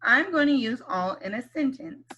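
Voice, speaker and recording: Teaching phonics to kindergartners, this woman speaks slowly and clearly, drawing out letter sounds and cheering the children on. She has a high, expressive voice, and the recording's highs are cut off.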